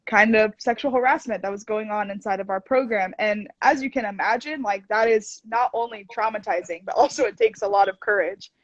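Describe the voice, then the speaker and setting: A woman's voice: medium pitch, fairly quick, few pauses, no room sound, lo-fi sound. A young adult woman college student telling stories animatedly in a casual interview. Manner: animated storyteller.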